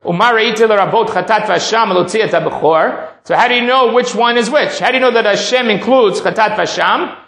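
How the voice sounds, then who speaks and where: A man's voice: high voice, fairly quick, hardly any pauses, fairly bright tone. A man teaching a text-study class, reading a passage aloud and then explaining it step by step. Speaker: Talmud teacher. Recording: echoey room.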